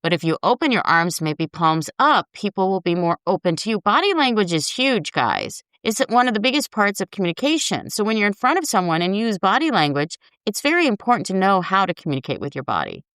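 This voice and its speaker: A woman's voice: medium pitch, sing-song, brisk, few pauses, fairly bright tone, clear, resonant tone, dry recording, clean studio sound. A woman host giving casual dating advice in a frank, chatty way, talking straight to her listeners.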